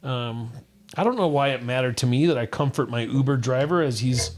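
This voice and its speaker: A man's voice: mid-range voice, normal speed, a little mellow, faint music behind. A middle-aged man from Utah, co-hosting a podcast and telling a personal story in an earnest, rambling way, full of restarts. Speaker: podcast co-host. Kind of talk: casual chat, personal story.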